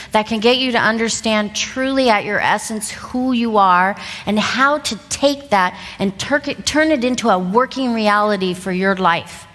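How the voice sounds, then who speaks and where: A woman in her fifties giving a motivational talk on stage, an animated storyteller who laughs often. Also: fairly high pitch, in a large hall. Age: 50s. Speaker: seminar speaker. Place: stage in a large event hall. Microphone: lapel mic.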